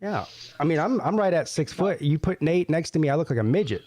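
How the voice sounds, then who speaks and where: Co-host: man with a somewhat high, very lively voice, teasing and chatty. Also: fast talker. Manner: teasing, animated questioning. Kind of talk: casual chat.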